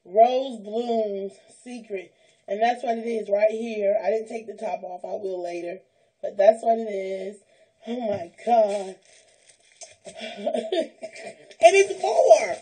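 A woman's voice: mid-range voice, slow, long pauses, dark tone, breathy edge, poor audio. Gushing, teary woman unboxing gifts. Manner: gushing, squealing, near tears, praising God. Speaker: vlogger opening a gift package. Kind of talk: unboxing vlog, emotional chat.

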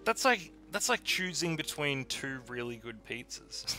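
A man's voice: a little high, very animated, measured pace, sharp tone, soft background music. A man co-hosting a gaming channel, rambling and giggling, full of likes and ums. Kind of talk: casual gaming chat.

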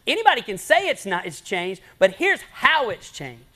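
A male pastor delivering a sermon in a storytelling style. He lets lines land with dramatic pauses, rising to loud emphasis and then dropping to hushed, near-whispered appeals. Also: high voice, wildly swooping pitch.

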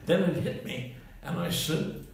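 A man's voice: a little high, unhurried, gravelly. A man in his eighties, a comedian, telling a rambling string of anecdotes to a live audience and chuckling at his own punchlines. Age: 80s. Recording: roomy, distant mic, faint hiss.

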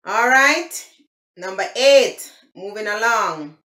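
Jamaican woman, casual vlogger, slow deliberate delivery, bright voice, roomy echo. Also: fairly high pitch, animated. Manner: switches between patois and careful slow English; chatty, repeats each phrase twice. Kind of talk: casual teaching vlog.

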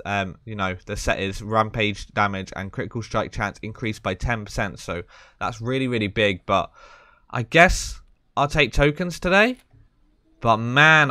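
A young man, talking casually over his gameplay. He sounds excitable and chatty, leaning on fillers and "man." His voice is bright and forceful, and the recording is dry and close. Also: on the low side, clear, resonant tone, no room sound. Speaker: gaming video creator.

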